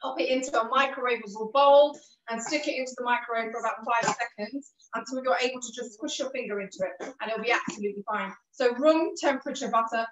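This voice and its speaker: A woman's voice: sits high, a bit bright, reverberant, distant mic, lo-fi sound, slight background noise. A woman teaching a live online cooking class, giving patient, encouraging step-by-step instructions, with a cough and a bit of throat trouble. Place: kitchen.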